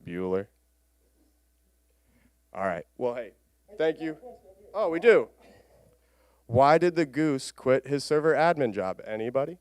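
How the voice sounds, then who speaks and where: A man's voice: medium pitch, very animated, unhurried, long pauses, a little mellow. A man presenting at a conference, playfully interviewing a mascot with mock-earnest questions. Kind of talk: comic stage interview.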